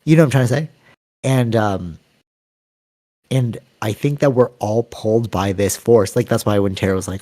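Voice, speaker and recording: A man with a lowish voice talks through ideas in a relaxed podcast chat. He rambles and circles back, acting out little quotes as he goes. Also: normal speed. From Canada. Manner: rambling, animated storytelling with acted-out quotes. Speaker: podcast co-host. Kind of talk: casual chat.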